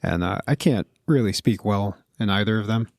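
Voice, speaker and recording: A man's voice: on the low side, brisk, gravelly, a little mellow, no echo. A man co-hosting a podcast, chatting casually with dry, teasing humor. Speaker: podcast co-host. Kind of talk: casual chat.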